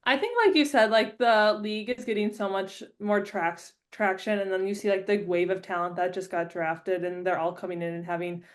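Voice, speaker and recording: A young woman who plays hockey, a podcast guest answering in a measured, earnest way. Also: medium pitch, fairly even intonation. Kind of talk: casual chat.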